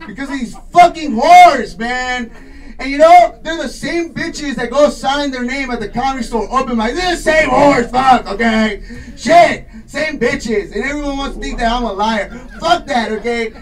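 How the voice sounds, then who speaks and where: A man doing crude, profane stand-up storytelling in a small garage studio, brash with shouting bursts. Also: very high voice, moderate pace, recorded from a distance, poor audio. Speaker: stand-up comedian.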